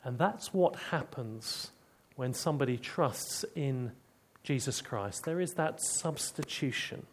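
A man preaching a sermon, telling stories and dropping to hushed tones to drive points home. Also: mid-range voice, lively intonation, slow, a little hiss or hum.

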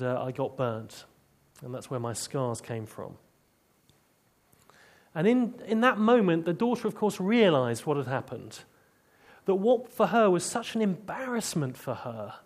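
A man preaching a sermon, telling stories and dropping to hushed tones to drive points home. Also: mid-range voice.

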